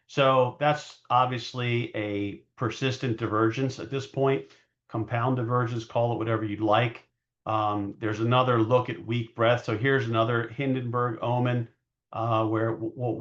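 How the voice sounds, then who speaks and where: A male market analyst talks loosely through his charts in an everyday mid-range voice. He rambles and hedges, catches himself mid-sentence and restarts with plenty of fillers. The recording sounds a little dull and lo-fi. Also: medium pitch. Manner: rambling, hedging, frequent fillers and self-corrections. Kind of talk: casual market commentary over charts.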